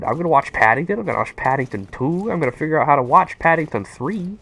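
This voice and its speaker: An excitable young man rambles to his chat while he plays a game on stream. His voice sits a little high for a man and jumps all over the place as he gets worked up. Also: fast, gravelly, hardly any pauses, breathy edge. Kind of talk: casual live-stream chat while gaming.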